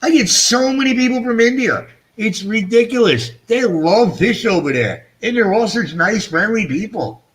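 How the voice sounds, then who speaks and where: A middle-aged man hosts a laid-back fish-keeping livestream, rambling, mocking himself and swearing freely. Missing front teeth shape his speech. His voice sits high and fairly bright, animated at a normal pace with hardly any pauses.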